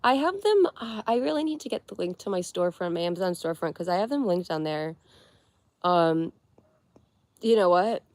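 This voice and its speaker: A young woman with a somewhat low-pitched voice hosts a relaxed livestream. She chats freely and giggles often as she answers her viewers' comments. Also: moderate pace, dry recording. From Connecticut, USA. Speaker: livestream host. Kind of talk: casual livestream chat with viewers.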